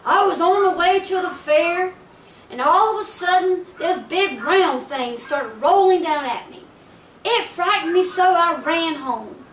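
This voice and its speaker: A woman's voice: very high-pitched, animated, unhurried, a bit bright, a little hiss or hum, voice pushed up, exaggerated voice. Lady doing the sly big bad wolf, sweet-talking and threatening, echoey room. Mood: complaining. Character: scheming big bad wolf, coaxing and menacing. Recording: roomy echo from a distant mic.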